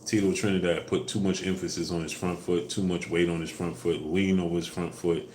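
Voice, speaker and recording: Low voiced guy chatting on a live stream, laid back, lots of ums, echoey room. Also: brisk, a little hiss or hum. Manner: relaxed, trails off with fillers, louder when pushing likes. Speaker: live stream host answering viewers. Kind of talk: casual live stream chat. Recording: echoey room with faint ambience.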